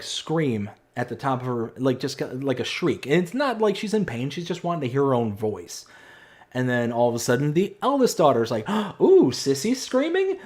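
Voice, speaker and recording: A man in his thirties streaming a farming game live, chatting excitably and reading viewer messages aloud. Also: mid-range voice. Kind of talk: live stream chat while playing.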